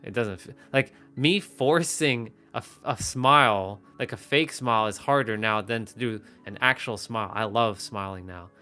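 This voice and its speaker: A livestream host talks casually to the camera through a phone or webcam, rambling and restarting often. His lowish voice is pushed, bright and smooth, moving at a moderate pace with hardly any pauses, and soft music plays in the background.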